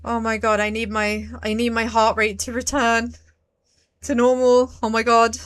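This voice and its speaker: High, bright-voiced woman streaming a game. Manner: jumpy, talks to herself and her viewers, swears when startled. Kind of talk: live game commentary.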